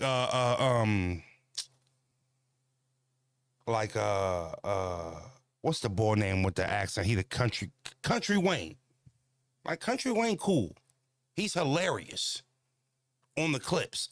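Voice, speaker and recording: A man chats casually while out on a walk, blunt and full of profanity, stumbling through fillers and repeating himself as he answers his viewers. His voice sits in an ordinary middle pitch. The sound is dry, with almost no room around it. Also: a bit bright, no echo. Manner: talks back to viewer comments. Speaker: channel host. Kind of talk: casual walking livestream chat.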